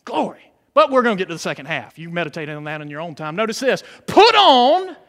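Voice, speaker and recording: Man preaching, very high voice, lively swooping pitch, fervent, shouts for emphasis. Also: a little fast, big-room sound. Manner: fervent, rising to shouts on key words. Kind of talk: sermon.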